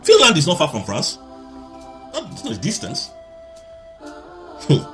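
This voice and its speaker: Male activist, fiery speech, animated higher voice, faint music behind. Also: a little slow. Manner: fiery, repetitive rhetorical questions. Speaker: activist speaker. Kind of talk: impassioned political speech.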